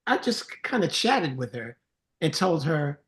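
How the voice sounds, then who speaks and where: Earnest, higher-voiced male songwriter guest. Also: measured pace. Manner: earnest storytelling, animated when mimicking greetings. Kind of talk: casual interview chat.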